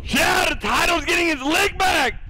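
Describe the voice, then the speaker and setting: Hype streamer guy, really high voice, bright and edgy, yells and swears at chat while calling fights. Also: unhurried, poor audio. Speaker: streamer commentating duels. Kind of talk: live stream game commentary.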